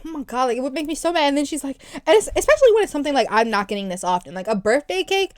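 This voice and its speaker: A young woman tells a story with a fair bit of swearing, her voice pitched a touch above most women's. She rants with animated energy in a casual podcast chat. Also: racing. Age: young adult. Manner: animated, profane ranting storyteller. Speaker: podcast co-host.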